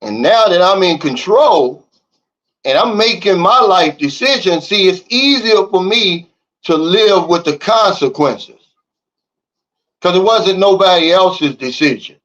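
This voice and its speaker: A man's voice: high-pitched, lively intonation, measured pace, fairly bright tone, dull audio. A man hosting a livestream, reading the chat and ranting in a blunt, fired-up way. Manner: fired-up, blunt, repeats "Big Dog" and "okay?". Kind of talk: casual livestream talk. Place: living in the Philippines.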